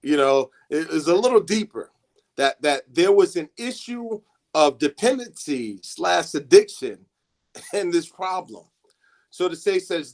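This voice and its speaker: Halting man, slightly raised pitch. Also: big pitch swings. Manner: halting, many restarts and fillers. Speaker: student assistance coordinator. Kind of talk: classroom talk to students.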